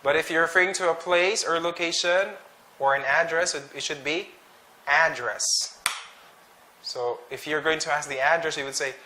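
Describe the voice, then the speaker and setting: A man teaching an English pronunciation drill, saying each word slowly and twice with short explanations. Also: fairly high pitch, fairly even intonation, noisy background. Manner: slow, deliberate, repeats each word twice.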